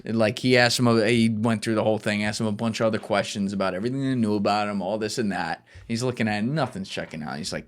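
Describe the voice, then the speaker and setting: A man's voice: on the low side, fast, hardly any pauses. A man casually telling a long story, rambling with fillers and frequent swearing. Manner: loose, profane, rambling with fillers.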